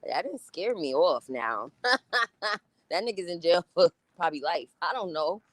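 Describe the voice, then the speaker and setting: A woman's voice: on the low side, expressive, normal speed, no room sound, low-quality recording. Profane chatty New woman streamer. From New York. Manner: blunt and profane, chatty, laughs often. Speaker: live-stream host. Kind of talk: casual live-stream chat reading viewer comments.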